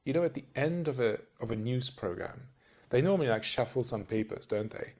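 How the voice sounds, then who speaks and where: A man's voice: mid-range voice, animated, a little fast, darkish tone. A man talks to camera as a voice-over coach, chatty and a little rambling. He keeps turning to the listener with little questions. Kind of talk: casual talk-to-camera tutorial.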